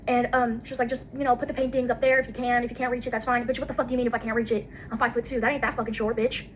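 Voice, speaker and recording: A young woman with a highish voice races through a story, swearing freely and filling her talk with "like". She acts out every exchange as she tells it. Faint ambient noise hangs behind her. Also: little pitch movement, a bit bright. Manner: profane, fast, full of "like", acts out quotes. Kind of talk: casual storytelling rant.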